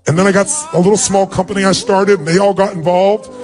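A man's voice: fairly even intonation, fast talker, a little mellow, soft background music. A man speaking as a motivational speaker, telling an emotional personal story to an audience in an earnest way. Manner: earnest, emotional storytelling, pitch jumps up when acting out dialogue.

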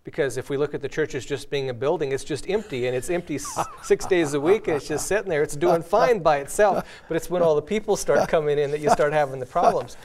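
A man's voice: a little high, fast, few pauses, a little mellow. Earnest male host telling illustrations. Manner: earnest storyteller, tells illustrations with light laughs. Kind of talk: casual spiritual discussion.

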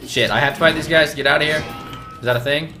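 A man hosting a let's play with loud, profane, rowdy outbursts and game audio behind him. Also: fairly high pitch, fairly even intonation, fast talker. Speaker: gaming channel host. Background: game audio and music.

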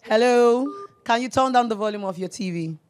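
A woman's voice: on the high side, moderate pace. Effusive Nigerian woman hosting call-in show. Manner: effusive, mixes Pidgin, calls everyone darling. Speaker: radio show host taking calls.

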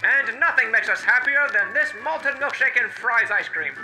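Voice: mid-range voice, moderate pace, over music, close to an everyday voice, rough recording. A food vlogger putting on a theatrical old-timey transatlantic announcer voice to read an ice cream label aloud. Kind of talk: 1940s transatlantic announcer reading.

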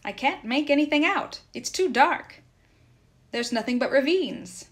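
A woman's voice: sits high, animated, unhurried, voice pushed up. A woman doing a weary, dogged peasant workman. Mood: urgent, weary. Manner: calling out loudly, urging.

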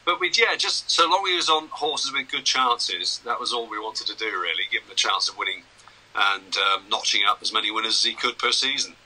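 A man's voice: lowish voice, brisk, bright, forceful tone, poor audio. A man in his sixties, a broadcaster and journalist, chatting anecdotally over a video call. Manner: chatty, anecdotal, self-deprecating. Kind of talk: casual interview chat.

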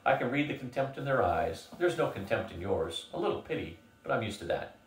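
A man's voice: medium pitch, very animated, brisk, close to an everyday voice. Older man reading a cool, blunt heiress. Roomy, distant storybook sound. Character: blunt, proud young woman heiress.

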